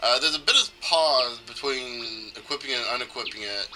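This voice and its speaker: A man's voice: medium pitch, normal speed, sharp tone, slight background noise, poor audio. A man casually narrating gameplay in a rambling, chatty way, often stopping to correct himself. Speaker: let's play commentator.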